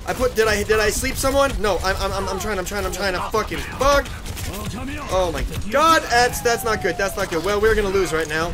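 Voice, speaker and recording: Frantic high-voiced gamer man, swearing. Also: expressive, moderate pace, over music. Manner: frantic, swearing, yelling at teammates. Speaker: gaming YouTuber. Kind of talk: live gameplay commentary.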